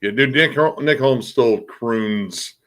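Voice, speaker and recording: A man's voice: medium pitch, slow pace, fairly bright tone. A man in casual chat on a livestream, laid-back and swearing often.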